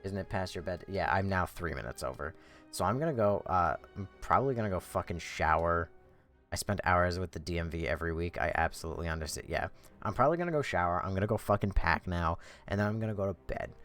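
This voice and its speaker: A man's voice: sits low, lively intonation, fast, a bit bright, faint music behind. A man ranting profanely and in exasperation while chatting on a game livestream from home. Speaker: game streamer. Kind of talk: livestream chat.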